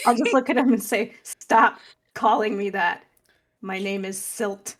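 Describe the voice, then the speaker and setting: A woman's voice: mid-range voice, sing-song, slow, a bit bright. A woman playing a tabletop game, speaking bluntly for her character. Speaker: player.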